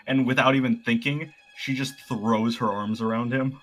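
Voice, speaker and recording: A man playing in a tabletop role-playing game, describing his character's actions in a relaxed, halting way. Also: mid-range voice, a little hiss or hum, poor audio. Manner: relaxed, halting, full of fillers and laughs. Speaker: player. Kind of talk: tabletop role-play narration.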